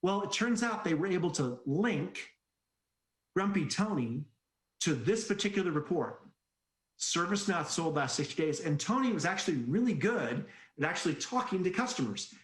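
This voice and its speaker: A man's voice: high voice, normal speed, echoey room. A man presenting a sales training webinar, telling anecdotes with jokes and acted-out voices. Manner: animated storyteller, jokes and acts out quoted voices.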